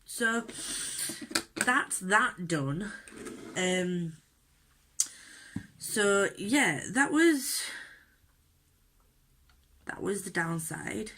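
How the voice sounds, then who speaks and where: A woman's voice: mid-range voice, lively intonation, drawn-out words, pauses often, sharp tone, a little hiss or hum. A woman vlogging at home while doing her makeup, telling an upsetting story candidly and indignantly with lots of fillers. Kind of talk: unedited get-ready-with-me rant.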